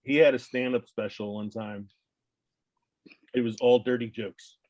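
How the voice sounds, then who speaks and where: A man's voice: medium pitch, unhurried, no room sound, lo-fi sound. A middle-aged man co-hosting a podcast, chatting casually and telling jokes with lots of laughter. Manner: animated joke-telling, laughs often. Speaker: podcast co-host. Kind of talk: casual chat.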